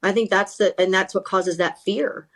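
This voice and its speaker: A middle-aged woman, a sideline reporter, telling stories in a podcast interview, animated and full of restarts. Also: medium pitch, moderate pace. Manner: animated, self-correcting, lots of repeated starts. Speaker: sideline reporter and talent coach.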